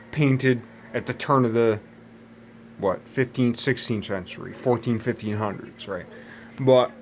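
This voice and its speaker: A man's voice: medium pitch, slight background noise. Rambling man in a casual monologue. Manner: meandering, self-correcting, jumps between tangents.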